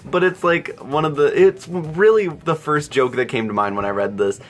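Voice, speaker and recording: A man's voice: a little high, moderate pace. A young man hosting a casual Q&A vlog, rambling and self-deprecating, chuckling often. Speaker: YouTube channel host.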